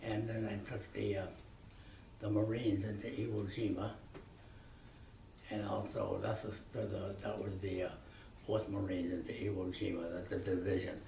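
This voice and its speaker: Brief: old man in his nineties, rough gravelly voice, lively rambling storyteller, distant echoey mic with faint noise. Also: on the low side, normal speed. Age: 90s. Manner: rambling, animated, many restarts. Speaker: interviewee. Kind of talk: reminiscing storytelling.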